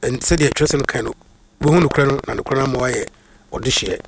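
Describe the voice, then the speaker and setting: A man's voice: mid-range voice, fairly quick, a little hiss or hum. A man preaching a sermon that mixes in English phrases, stressing his points by repeating them, and greeting listeners by name.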